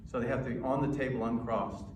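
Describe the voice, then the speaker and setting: An American presentation coach lectures emphatically to a live audience, using pauses and demonstrations. His voice is mid-range. He is recorded from afar in an echoey hall, with a little hiss or hum.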